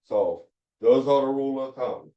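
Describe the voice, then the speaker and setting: A man teaching a Hebrew phonics lesson, slowly repeating and drilling each syllable. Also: mid-range voice. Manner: slow, repetitive drilling of syllables. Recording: roomy, distant, dull lo-fi sound.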